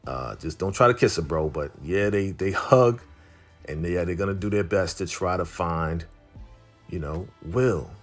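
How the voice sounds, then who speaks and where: Laid-back low-voiced man recapping a show. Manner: slangy, laid-back, heavy on filler phrases. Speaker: TV recap vlogger. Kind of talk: casual episode recap.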